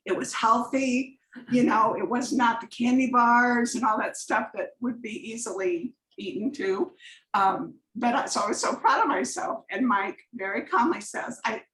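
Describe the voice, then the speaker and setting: Chatty higher-voiced woman on a video call. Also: moderate pace, fairly bright tone. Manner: chatty, rambling, anecdotal. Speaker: guest presenter on a coaching call. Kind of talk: conversational slide presentation. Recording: echoey room on a video call.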